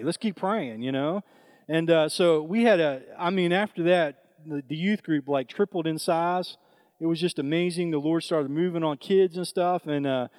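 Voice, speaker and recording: A man with a high voice tells a story from the pulpit in a loose, conversational way, full of fillers and restarts. The recording is dry and close. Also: darkish tone, dry recording. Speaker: preacher. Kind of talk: sermon storytelling.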